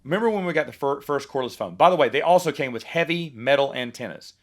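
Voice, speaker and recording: A man's voice: medium pitch, fast. Rambling nostalgic man, casual podcast talk. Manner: rambling storyteller, lively asides. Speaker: podcast host.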